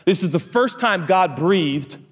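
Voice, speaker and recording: A man preaching a sermon as a pastor, telling the story in an animated way, acting out voices and swinging from hushed to loud. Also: high voice, unhurried, breathy edge, big-room sound.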